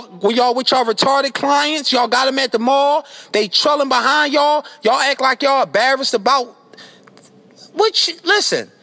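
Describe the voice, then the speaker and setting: High, lively man ranting. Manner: animated, exasperated, swearing constantly, breaks into yelling. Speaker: comedic rapper doing an outro skit. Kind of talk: profane comedic rant.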